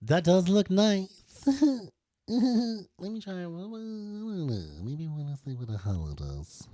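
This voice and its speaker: A man's voice: high-pitched, sing-song, slow, dark tone, dry recording, studio quality. A man hosting a live design tutorial, talking to viewers in a playful, sassy way.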